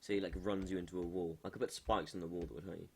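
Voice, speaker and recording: A man streaming live while he builds a game, thinking aloud in a halting way with many restarts. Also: low voice, level tone, creaky, very noisy.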